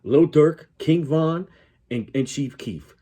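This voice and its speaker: Husky male host, blunt and profane, casual reaction commentary. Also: fairly high pitch, slow, mellow.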